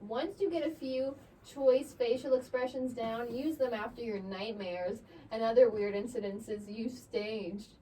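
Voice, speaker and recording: Young woman, high-pitched, playful and giggly, casual podcast chat, a bit distant from the mic, faint background hiss. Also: steady tone, unhurried, hardly any pauses, warm tone. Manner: playful, giggly, reads aloud from an article. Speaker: podcast co-host.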